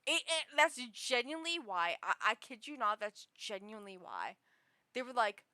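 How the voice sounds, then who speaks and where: A young woman streamer chatting casually with viewers in a high, girlish voice, rambling and giggling with frequent restarts. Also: big pitch swings, normal speed, sharp tone, dry recording, clean studio sound. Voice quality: high, girlish voice others have called annoying.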